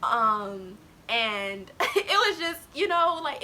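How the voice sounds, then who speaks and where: Animated high-voiced young woman vlogger. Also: slow, hardly any pauses, a little hiss or hum. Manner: animated, laughing often, swings into near-crying. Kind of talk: casual storytelling to viewers.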